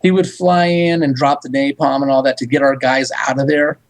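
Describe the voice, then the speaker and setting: A man talking as a psychic medium guest, recounting events in animated storytelling and quoting back-and-forth dialogue. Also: mid-range voice, fairly quick, rough recording. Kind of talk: storytelling in a radio interview.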